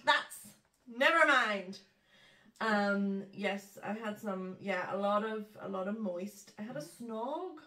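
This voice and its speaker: A woman's voice: mid-range voice, animated, slow pace, sharp tone. A woman co-hosting a podcast, chatting in a playful, giggly way. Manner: giggly, playful, jumps between words. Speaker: podcast co-host. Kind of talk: casual chat. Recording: echoey room, distant mic.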